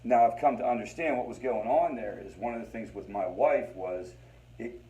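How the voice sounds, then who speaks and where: A man's voice: mid-range voice, normal speed, dark tone, slight background noise, rough recording. A man leading a family recovery group, talking conversationally to the room, repeating phrases for emphasis and calling his listeners "guys.". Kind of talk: informal teaching talk to a support group.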